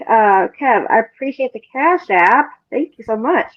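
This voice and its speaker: A woman with a fairly high voice, chatting on a group call over dull lo-fi audio. She keeps jumping in to thank people. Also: animated, a little slow, no room sound. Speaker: chat guest. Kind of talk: casual live chat.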